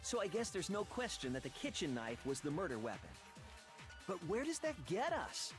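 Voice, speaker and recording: A man's voice: sits high, wildly swooping pitch, normal speed, over music. A man voicing a blunt teen student who dismisses arguments in a game's trial scene. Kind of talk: fan voice acting of a game.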